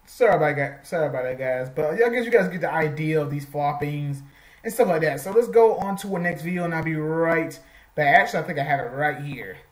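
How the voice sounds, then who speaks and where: A man's voice: fairly high pitch, lively intonation, quick pace, roomy sound, low-quality recording. A man with an American accent hosting a casual reaction video, rambling and correcting himself as he goes. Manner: rambling, restarts and self-corrections. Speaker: host.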